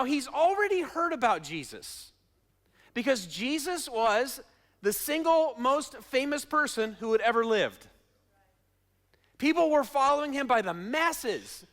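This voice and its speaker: Guy preaching, goes from shouting to quiet, acts out the quotes, swoopy voice. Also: very high-pitched. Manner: dramatic, acts out quotes, swings from loud shouting to hushed asides. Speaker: pastor. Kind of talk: sermon.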